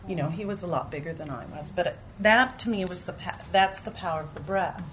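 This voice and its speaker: A woman leading a group, telling a story with animated bursts and acted-out shouts. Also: on the low side, brisk. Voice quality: animated, acts out moments with sudden loud cries. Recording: noisy room ambience.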